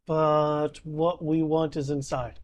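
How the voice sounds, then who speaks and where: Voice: medium pitch, little pitch movement, takes it slowly. A laid-back, teasing game master narrating a tabletop game, laughing often.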